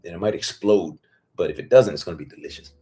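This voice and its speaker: A hoarse male farmer hosting a casual livestream Q&A, blunt and profane, rambling with lots of fillers. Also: deep voice, fast, dark tone. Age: adult with children. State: losing his voice, hoarse.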